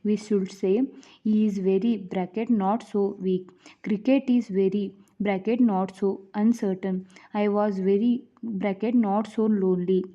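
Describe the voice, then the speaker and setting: A woman reading grammar rules aloud like an audiobook, in a measured way with the odd stumble and restart. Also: medium pitch, fairly even intonation, warm tone. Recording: dull lo-fi recording.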